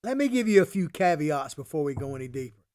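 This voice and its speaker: A man's voice: a little high, sing-song, fast, a little mellow. A man from Florida with an old Southern Florida cracker accent, hosting a live political talk show in a folksy, chatty way.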